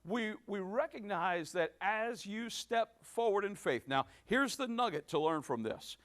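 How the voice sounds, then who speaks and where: A man's voice: high-pitched, expressive, fairly bright tone. A male pastor giving a sermon, with many restarts and fillers, building to emphatic points. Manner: halting with many restarts, rising to emphatic preaching.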